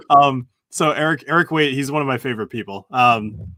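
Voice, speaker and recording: A man's voice: mid-range voice, normal speed, background noise. A man hosting a casual interview, who laughs easily and keeps the chat loose and jokey. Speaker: interview host.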